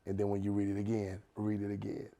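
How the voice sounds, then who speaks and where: A man in his forties with a low, gravelly voice talks in a loose, slangy way. His tone is mellow and unhurried, and he circles back to the same advice to drive it home. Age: 40s. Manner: relaxed, slangy, repeats advice for emphasis. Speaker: podcast guest, worship leader. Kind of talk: casual chat.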